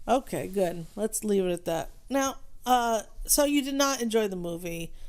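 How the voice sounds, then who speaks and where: A woman's voice: mid-range voice, lively intonation, normal speed. A woman co-hosting a casual podcast chat, teasing and questioning her partner. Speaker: podcast co-host.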